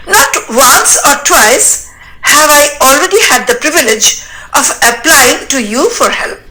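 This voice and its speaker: A woman's voice: sits high, bright, forceful tone, exaggerated voice, low-quality recording. A woman reading the part of a nervous, flustered young male suitor who speaks with stiff, formal politeness and stumbles over his words, in a dramatic reading of a stage play.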